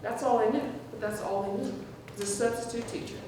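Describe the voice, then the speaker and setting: A woman speaking at a memorial tribute talks fast in a fairly high, fairly even voice, telling an audience personal stories and laughing frequently as she imitates people she quotes. The large community hall gives heavy echo, her voice sounds distant, and a faint hum runs beneath.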